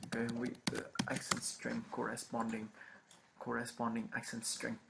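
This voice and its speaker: A man with explains programming in a gravelly, monotone voice. He stumbles, repeats phrases and fills pauses with ums. The recording has steady background noise. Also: medium pitch. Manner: halting, many ums, repeats phrases with frequent okays. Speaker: programming instructor. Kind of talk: screen-recorded coding lecture. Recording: noisy home recording.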